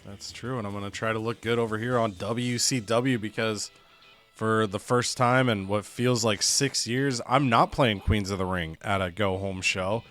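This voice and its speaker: A man's voice: lowish voice, steady tone, moderate pace, a bit bright, faint music behind. A man casually recapping his wrestling game show in a playful way, quipping and acting out wrestlers' lines. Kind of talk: casual gaming chat.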